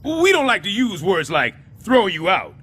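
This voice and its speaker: An actor playing a scheming middle-aged building superintendent in an animated sitcom, sarcastic and overdramatic. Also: male voice, high voice, normal speed, a little hiss or hum, heavily acted.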